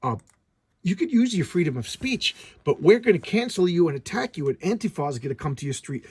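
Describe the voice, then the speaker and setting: A man with a hoarse voice reviewing comic books in casual, rambling commentary, stumbling over restarts. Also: on the high side, very animated, a little fast, dry recording.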